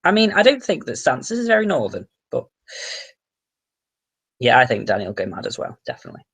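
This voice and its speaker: A man's voice: medium pitch, huge pitch swings, a little fast, gravelly, fairly bright tone, breathy edge. A young man from England chatting casually on a livestream from home, rambling through restarts, fillers and casual swearing. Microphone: webcam.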